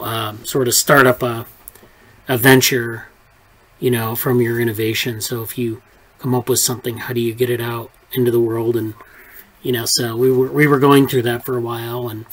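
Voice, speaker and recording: A man chatting casually in an online lab meeting, his voice at an ordinary middle pitch. He rambles, circling back with fillers and restarts as he thinks aloud. The sound comes through a video call. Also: level tone, normal speed, poor audio. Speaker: research group leader.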